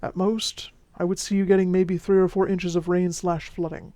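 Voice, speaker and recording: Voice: medium pitch, flat delivery, normal speed, no room sound, close to an everyday voice. A performer playing a charming, flirtatious male vampire who speaks with a Mexican Spanish accent, teasing and then soothing in an audio role-play drama. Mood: reassuring. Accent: Mexican Spanish accent, put on by the figure. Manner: teasing, warm, soothing, drops to whispers.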